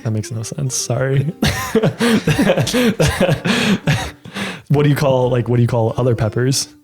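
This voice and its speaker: A man's voice: medium pitch, big pitch swings, slow pace, soft background music. A young man hosting a podcast, playful and often laughing. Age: young adult. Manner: playful, giggly. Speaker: podcast host. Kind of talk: casual chat.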